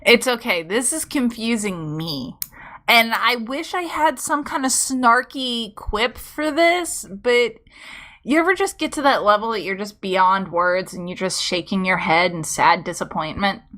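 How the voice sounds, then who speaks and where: A woman's voice: medium pitch, a little slow, fairly bright tone. A woman co-hosting a story reading, chatting casually and teasing her partner with frequent laughs. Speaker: co-host. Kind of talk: casual chat.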